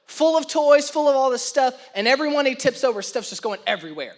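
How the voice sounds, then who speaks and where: A man's voice: very high voice, very animated, fast, few pauses. A young man preaching a sermon, telling a self-mocking story about his son and building to emphatic points. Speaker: pastor.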